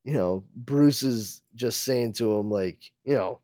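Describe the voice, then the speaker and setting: A man's voice: mid-range voice, unhurried, warm tone, dry recording, clean studio sound. A man co-hosting a podcast, recapping a comic book in a casual, laughing way with many fillers. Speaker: podcast co-host.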